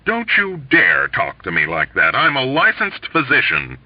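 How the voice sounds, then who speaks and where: A man's voice: mid-range voice, wildly swooping pitch, measured pace, no echo, voice pushed up. A man voicing a whining, self-pitying male army doctor in a mournful, petulant tone. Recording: dull lo-fi dry recording.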